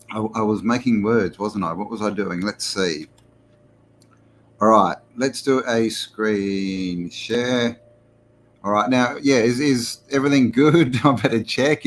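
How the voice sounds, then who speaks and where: A rambling Australian man chats casually with viewers on a live stream, chuckling as he greets them one by one. His voice sits fairly low, with a faint hiss behind it. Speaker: host.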